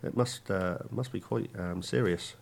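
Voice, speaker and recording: A man co-hosting a casual aviation chat, soft-spoken and halting, full of ums and uhs. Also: deep voice, creaky. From England. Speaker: co-host.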